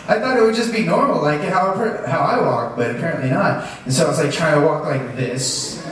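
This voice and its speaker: A man's voice: a little high, a little fast. A man telling funny stories at a fan convention panel, laughing often as he talks. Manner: laughing, animated anecdotes. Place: large convention hall. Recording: echoey hall, noisy, from far off.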